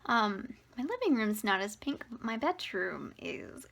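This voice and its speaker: Breathy, rambling young woman vlogging. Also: a little high, big pitch swings, a little slow, a bit bright. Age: 20s. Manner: rambling, hesitant, drifting into a breathy half-whisper. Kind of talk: casual personal vlog. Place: at home near the fridge, indoors.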